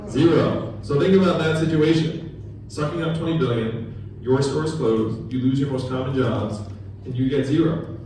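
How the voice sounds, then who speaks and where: A man's voice: mid-range voice, moderate pace, dark tone, distant mic, slight background noise. A man giving a campaign speech at a town hall gathering, talking conversationally and quizzing the audience with questions. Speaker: political candidate. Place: large echoey room at a political gathering. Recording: very echoey room recorded from afar.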